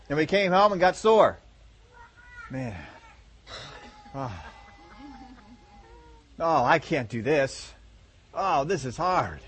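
A man's voice: a little high, a bit bright. A man preaching a folksy, conversational sermon, acting out examples with groans and laughter.

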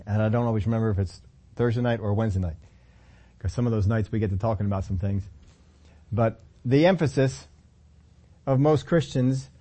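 A man's voice: on the low side, fairly quick, dark tone. A middle-aged man preaching a sermon as pastor, emphatic, repeating phrases and acting out quotes.

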